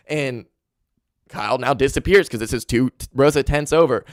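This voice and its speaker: A young man hosting a podcast, telling a long profane story in a rambling, animated way full of "like". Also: medium pitch, normal speed, no room sound, studio quality. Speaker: podcast host. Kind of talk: casual storytelling. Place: home room.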